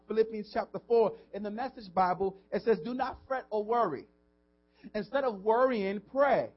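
A man preaching a sermon as pastor, swinging between hushed, tender passages and loud, drawn-out emphasis, with frequent "come on" asides to the congregation. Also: sits high. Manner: preaching with rising and falling intensity, call-and-response asides. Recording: dull lo-fi audio.

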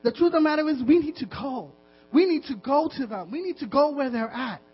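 A male pastor preaches a sermon, exhorting his listeners with insistent repetition, passionate and laughing at times. His very high voice is expressive and a little fast. The lo-fi recording sounds dull and carries mains hum.

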